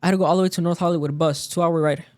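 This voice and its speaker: Speaking very fast in a fairly high, steady, darkish voice, this man chats on a podcast as a guest. He recounts a work story and performs the dialogue of everyone involved.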